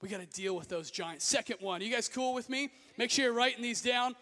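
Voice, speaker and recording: High-voiced youth pastor preaching in a hall. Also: male voice, brisk. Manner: energetic, exhorting, shouts often. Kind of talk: sermon. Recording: echoey hall.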